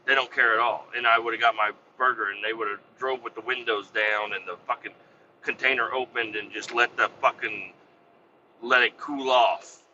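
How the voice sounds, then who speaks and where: Working-guy podcast host with a piercing, bright voice, swearing through a petty gripe; muffled lo-fi sound. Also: medium pitch, steady tone, moderate pace, a little hiss or hum. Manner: profane, exasperated, rambling. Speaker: vac truck operator. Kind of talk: casual ranting storytelling.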